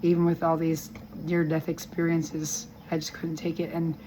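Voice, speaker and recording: A woman speaks from a hospital room in a lowish, weak and strained voice, halting and restarting as she talks. Her voice breaks with emotion from time to time. A faint hiss sits under the recording. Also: monotone, warm tone, poor audio. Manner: earnest, rambling and halting, with many restarts. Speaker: vlogger giving a health update. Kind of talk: personal video update.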